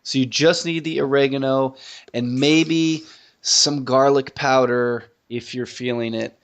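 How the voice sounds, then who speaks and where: A man's voice: mid-range voice, fairly even intonation, a little slow. A man co-hosting a gaming podcast in casual chat, talking up things in eager detail. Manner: chatty, talks up food in eager detail. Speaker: podcast co-host.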